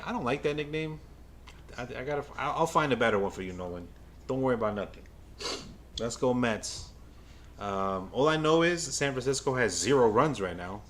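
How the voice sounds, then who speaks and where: A man in the middle of the usual pitch range doing loose, excitable fan play-by-play for a live chat. He trips over his words and repeats himself, then gets loud when a pitch impresses him. A faint hum of room noise sits behind his voice. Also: moderate pace. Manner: excitable, stammering, talks to the chat. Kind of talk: casual live game watch-along commentary.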